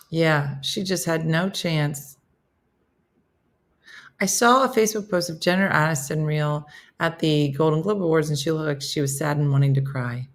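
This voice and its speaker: A woman's voice: low voice, normal speed. A woman hosting a casual morning livestream, chatting and reading viewer comments aloud in a self-mocking way. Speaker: host of a morning livestream chat show.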